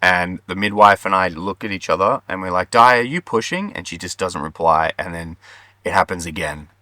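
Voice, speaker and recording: Brief: young Australian man, low voice with a bright, forceful edge, heartfelt vlog storytelling, dry sound. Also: flat delivery, moderate pace, no echo. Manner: earnest, heartfelt, many ums. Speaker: vlogger co-host. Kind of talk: personal storytelling.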